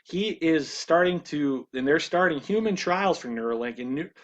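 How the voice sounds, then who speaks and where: A male presenter for a ministry video gives a casual monologue, halting often, restarting and repeating words. His voice is fairly high and expressive, and the lo-fi recording sounds dull.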